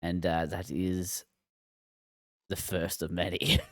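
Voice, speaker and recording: A man's voice: low voice, flat delivery, slow, fairly bright tone, dry recording, clean studio sound. A man hosting a podcast in casual chat, laughing often. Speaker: podcast host.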